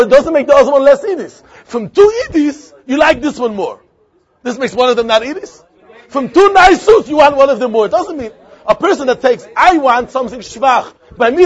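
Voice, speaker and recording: High-pitched Yiddish-inflected teacher. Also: male voice, slightly rough, lo-fi sound. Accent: Yiddish-inflected English. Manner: animated, repetitive, sing-song argument with frequent questions. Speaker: Talmud teacher. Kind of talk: Talmudic lesson.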